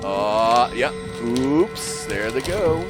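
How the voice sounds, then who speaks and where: A man's voice: medium pitch, animated, very slow, over loud music. A man giving casual let's play commentary, chatty and playful with frequent laughs. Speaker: gaming video creator.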